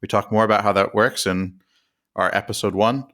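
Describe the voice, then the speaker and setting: A man's voice: on the low side, steady tone, a little fast, fairly bright tone. An American man co-hosting a podcast, explaining politics in a chatty, self-deprecating way with fillers and restarts. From United States. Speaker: podcast co-host.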